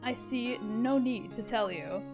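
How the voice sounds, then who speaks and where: A woman's voice: on the high side, a little slow, music in the background. A woman voicing a proud, cold young male prosecutor in a game, with a haughty, clipped delivery.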